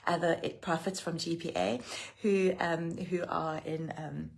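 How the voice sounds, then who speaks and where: A middle-aged South African woman with a loud voice and a low, gravelly tone, talking straight to her webcam. She rambles in a casual livestream devotional, laughs often and picks up viewer comments as she goes. The fry in her voice is always there. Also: fairly even intonation, measured pace. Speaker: pastor and prophetic minister.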